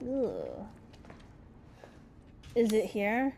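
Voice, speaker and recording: A woman's voice: medium pitch, huge pitch swings, very slow, vocal fry, darkish tone. A woman giving casual horror game commentary, grumbling to her viewers and swearing often, with sudden screaming outbursts. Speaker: let's-play gamer.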